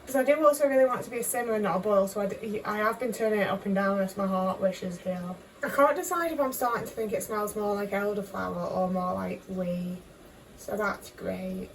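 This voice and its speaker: A woman's voice: mid-range voice, fairly quick, far from the mic, a little hiss or hum. A young woman chatting anxiously to the camera while cooking in her home kitchen, questioning herself and swearing often. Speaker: vlogger. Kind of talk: casual cooking vlog talk.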